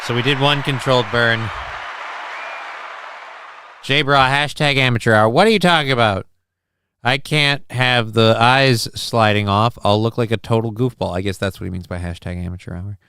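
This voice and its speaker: A man hosting a live stream, reading viewer messages aloud in a rambling, deadpan way with lots of fillers. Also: mid-range voice, normal speed, a faint crowd, slight background noise. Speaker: live-stream show host.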